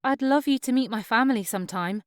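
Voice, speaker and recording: A woman's voice: a little high, fast, clear, resonant tone, no echo, studio quality, voice pushed up, natural voice. A woman doing a chatty teasing young wife. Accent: Northumbrian.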